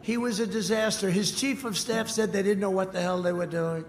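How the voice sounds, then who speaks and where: A man in his seventies giving a boastful, repetitive rally speech that swings between shouts and low asides. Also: fairly even intonation, a little fast. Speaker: political candidate at a rally. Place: outdoor rally crowd. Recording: echoey open-air PA sound, faint crowd noise.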